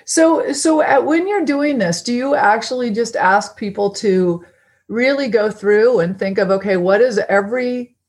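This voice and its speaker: A woman's voice: a little high, unhurried, a little mellow. A woman hosting a podcast interview, engaged and enthusiastic as she asks questions. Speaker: podcast host. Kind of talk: casual interview chat.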